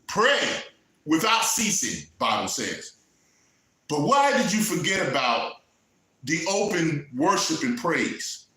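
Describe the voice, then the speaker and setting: A man's voice: on the high side, sing-song, slow. Fervent preacher man in an echoey room. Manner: fervent, rising to shouts, then softening into emotional asides. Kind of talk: sermon.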